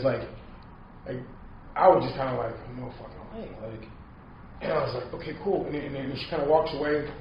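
Man, casual storytelling, rambling with lots of fillers, dull lo-fi sound, faint background noise. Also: medium pitch. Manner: rambling, filler-heavy, full of repeated "like". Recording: echoey, distant, dull lo-fi sound.

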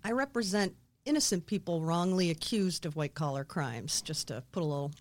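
A woman from Quincy, Massachusetts talks casually as an interview guest. Her voice sits a little low, and her jokes come out dry and deadpan. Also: a little fast, slight background noise. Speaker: guest, defense attorney.

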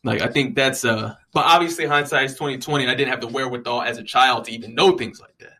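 A man's voice: mid-range voice, fast talker. A young man, casually rambling and joking with lots of profanity. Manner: profane, joking, animated storytelling.

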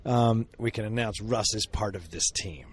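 A man's voice: fairly low pitch, moderate pace, husky. A man co-hosting a podcast, making upbeat announcements and teasing his guest. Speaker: podcast co-host. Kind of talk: casual podcast chat.

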